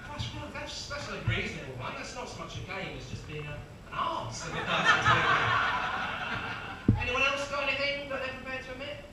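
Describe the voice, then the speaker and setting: A man's voice: very high voice, sing-song, moderate pace. A man in his thirties doing a chatty, self-mocking stand-up routine for a live audience. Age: 30s. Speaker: stand-up comedian. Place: comedy venue with audience. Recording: echoey venue, distant mic, crowd noise.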